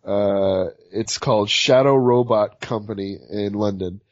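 A man's voice: on the low side, measured pace, no room sound. Man, podcast co-host, casual rambling, dry close sound, slightly dull audio. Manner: laid-back, rambling with many uh fillers.

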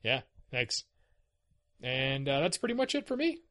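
Bright-voiced chatty male podcast host. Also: medium pitch, very animated, unhurried. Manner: chatty, wry, laughs easily. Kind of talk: casual chat.

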